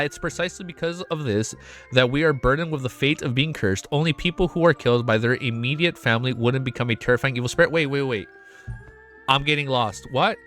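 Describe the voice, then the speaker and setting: A man streaming himself as he reads a web novel aloud, breaking off into excited, profanity-laden reactions. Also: mid-range voice. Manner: excitable, swears often, breaks off into loud reactions.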